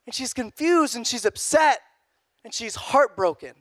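A young man preaching a youth sermon in a casual, animated way, repeating phrases. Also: very high voice, a little slow, dry recording. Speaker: youth pastor.

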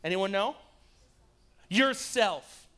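A man preaching a lively youth-group sermon, joking and talking straight to the students in front of him. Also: high-pitched, very slow, smooth. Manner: joking, energetic, addresses the audience directly. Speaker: youth pastor.

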